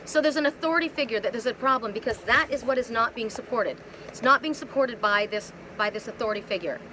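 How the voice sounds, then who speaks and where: A woman's voice: fairly high pitch, fast talker, background noise. Rambling woman giving a card reading. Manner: rambling, repeats words, many rhetorical questions. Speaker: oracle card reader. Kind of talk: live spiritual card reading. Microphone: phone.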